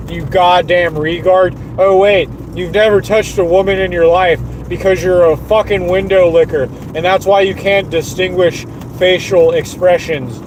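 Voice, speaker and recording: Furious high-voiced man ranting. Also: slight background noise, low-quality recording. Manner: furious, profane and repetitive. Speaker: streamer. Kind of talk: angry livestream rant.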